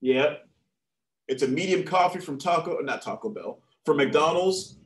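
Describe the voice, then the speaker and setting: Speaking a little slowly in a voice on the high side, this man reads jokes to program participants. He keeps it casual and lively, laughing at his own punchlines, and the room he's in echoes.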